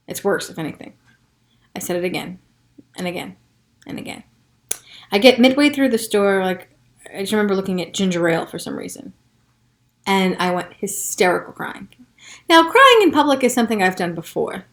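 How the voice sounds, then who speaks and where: A woman hosting a podcast, telling a personal story in a frank, profane way, moving from hushed recounting to heated frustration. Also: mid-range voice, a little fast. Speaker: podcast host.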